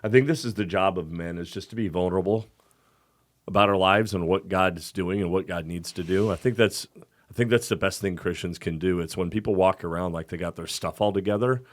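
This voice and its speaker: Lower-voiced man, emphatic podcast co-host. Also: steady tone, a little fast. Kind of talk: casual faith podcast chat.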